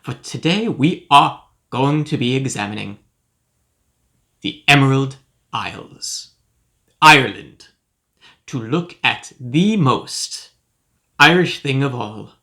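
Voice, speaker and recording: A man's voice: mid-range voice, animated, slow, long pauses, sharp tone, heavily acted. A man playing a pompous, self-important professor who hosts a comedic cereal review. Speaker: host. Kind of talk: comedic character monologue.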